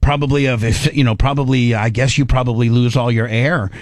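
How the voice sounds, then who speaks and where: A middle-aged man hosting a radio show, telling a story in casual chat. He talks in an animated, rambling way, with restarts and fillers, and acts out his own inner voice. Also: mid-range voice, brisk, no echo.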